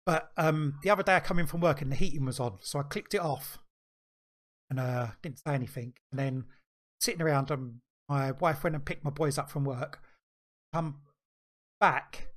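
A man's voice: a little high, moderate pace, pauses often. Man telling a spooky story. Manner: animated storyteller, acts out quoted dialogue. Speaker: podcast co-host. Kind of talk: casual chat.

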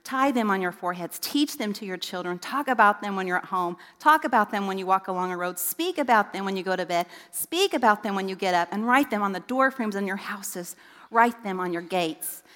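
A woman's voice: mid-range voice, fairly bright tone. A middle-aged woman, a children's ministry director, giving an earnest, emphatic talk to parents in a church, turning to quiz the kids now and then. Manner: earnest, emphatic preaching with rising questions to kids. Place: church sanctuary. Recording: long reverb in a church hall.

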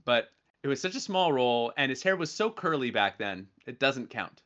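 A man's voice: medium pitch, big pitch swings, normal speed, a bit bright, muffled recording. A man chatting casually as a podcast co-host, rambling with many fillers and restarts. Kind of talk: casual chat.

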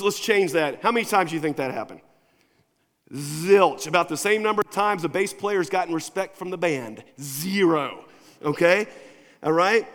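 A male pastor preaching a sermon in a casual, conversational way, moving between quiet asides and emphatic points. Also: fairly high pitch. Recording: long reverb of a large hall.

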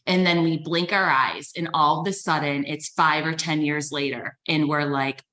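A woman with a low voice talks through personal finance as a podcast guest. She is earnest and encouraging, and she often restarts phrases and uses fillers. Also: fairly even intonation, normal speed, pushed and bright. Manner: conversational, frequent fillers and restarts. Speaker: financial advisor. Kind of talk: podcast interview.

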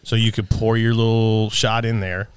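Joking podcast host, quick and profane. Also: male voice, lowish voice, level tone, smooth, dry recording. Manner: quick, joking, and swears freely. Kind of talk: casual podcast chat.

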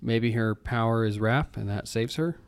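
Animated man co-hosting a movie podcast. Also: mid-range voice, moderate pace, gravelly, clear, resonant tone, dry recording. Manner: animated, acting out movie quotes. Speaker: podcast co-host. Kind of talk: casual chat.

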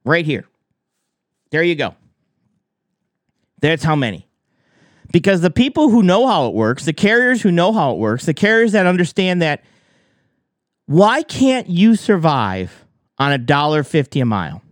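A man's voice: fairly high pitch, big pitch swings, measured pace, long pauses, no room sound, studio quality. A man giving heated commentary on trucking, arguing with rhetorical questions. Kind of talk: reaction commentary.

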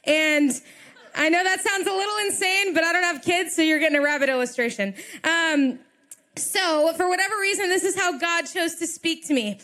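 A woman's voice: very high-pitched, moderate pace, pushed and bright. A young woman, a children's ministry director, giving a chatty sermon at church with many fillers. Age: young adult. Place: church auditorium.

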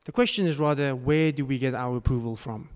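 A man's voice: mid-range voice, fairly quick. A man preaching a sermon as a pastor, earnest, with emphatic bursts. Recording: long hall reverb.

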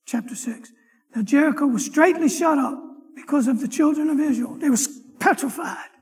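A high, light male voice rings out in a church hall, its words trailing off in a long echo. He is a deacon teaching a Sunday morning Bible lesson, reading the verses with swelling emphasis. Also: normal speed. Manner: emphatic, swells loud on scripture verses and exhortations. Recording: long reverb of a large hall.

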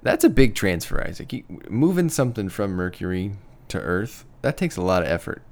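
Deep gravelly man co-hosting a podcast. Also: very animated, a little fast. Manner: thoughtful, hedging, apologetic about pronouncing names. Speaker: podcast co-host. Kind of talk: casual podcast chat.

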